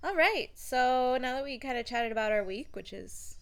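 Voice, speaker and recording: Female podcast co-host, animated pitch, casual chatter. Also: clear, resonant tone. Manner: chimes in with quick remarks. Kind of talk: casual chat.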